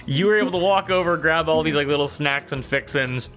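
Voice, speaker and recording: A man's voice: fairly high pitch, fairly quick, loud music behind the voice. A man narrating a tabletop game as game master, easygoing and laughing often.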